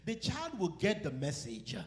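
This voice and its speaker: A man preaching a sermon, lively and playful, acting out conversations and laughing at his own stories. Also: high-pitched, measured pace. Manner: animated, acts out quoted exchanges and laughs at his own stories. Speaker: pastor.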